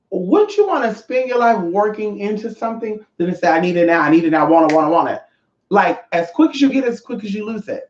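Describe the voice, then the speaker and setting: A man in his thirties chatting casually on a livestream, sassy and expressive. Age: 30s. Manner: sassy, expressive, swings pitch a lot. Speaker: livestream host. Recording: roomy dull lo-fi sound.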